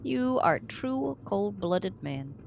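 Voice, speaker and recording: A woman voicing a gruff, menacing male sailor in a mock Russian accent, reading game lines on a stream. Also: mid-range voice, sing-song, background noise, full character voice. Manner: slow, threatening interrogation.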